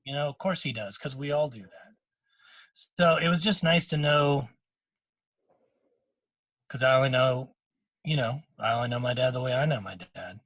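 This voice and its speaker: A middle-aged man co-hosting a podcast, telling a moving personal story in casual chat, with frequent restarts and quick quoted lines from others. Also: medium pitch, fairly bright tone, dry recording. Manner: emotional storytelling with many restarts; quotes others in short bursts. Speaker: podcast co-host.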